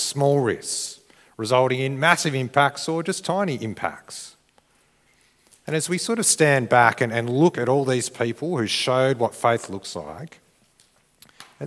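A man preaching a sermon in a conversational, earnest way, often restarting his phrases. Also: mid-range voice. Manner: conversational, restarts phrases, rises to shouted crowd cheers. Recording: long reverb of a church hall.

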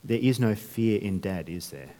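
A man's voice: lowish voice, lively intonation, normal speed, warm tone, big-room sound. A man preaching a sermon, talking conversationally with restarts and rhetorical questions. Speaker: pastor.

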